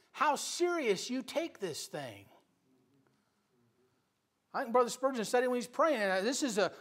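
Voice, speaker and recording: A man preaching a Bible study sermon in church, swinging between quiet asides and loud, emphatic exhortation. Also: very high-pitched. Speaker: pastor.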